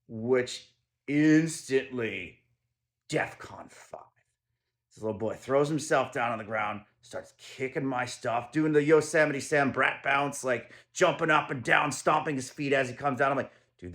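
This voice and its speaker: A man telling a personal story in a casual monologue, animated, dropping to low murmurs and then rising to loud emphasis.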